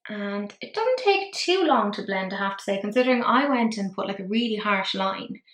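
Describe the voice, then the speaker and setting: A woman's voice: medium pitch, animated, normal speed, a bit bright, reverberant. A woman with an Irish accent, chatting her way through a makeup tutorial in a rambling, self-deprecating manner. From Ireland. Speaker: makeup vlogger.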